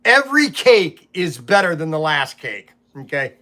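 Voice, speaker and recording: Middle-aged man, toy shop owner, casual vlog storyteller; higher voice, rambling, repeats himself, plays out both sides of calls. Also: normal speed. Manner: rambling, repeats words, animated retelling of phone calls.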